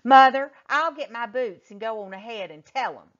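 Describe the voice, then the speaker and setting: A woman's voice: fairly high pitch, normal speed, a bit bright, voice pushed up, close to an everyday voice. A woman reading an eager, bossy young boy. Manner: eager, a bit superior. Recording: muffled lo-fi recording.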